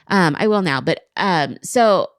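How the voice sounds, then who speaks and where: A woman's voice: lowish voice, expressive, unhurried, no room sound, studio quality. A woman in her forties co-hosting a podcast, telling a rambling, self-deprecating story in a casual chat full of "like". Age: 40s. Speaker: podcast co-host.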